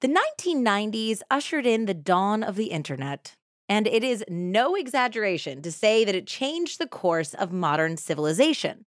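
A woman's voice: mid-range voice, dry recording, studio quality. A woman in her thirties co-hosting a true crime podcast, chatting and laughing between scripted narration. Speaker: podcast co-host.

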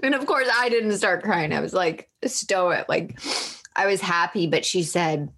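Candid woman author, low-pitched and reflective. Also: unhurried, fairly bright tone. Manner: open, self-reflective, talks in loose run-on phrases. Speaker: author being interviewed. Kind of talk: candid podcast conversation.

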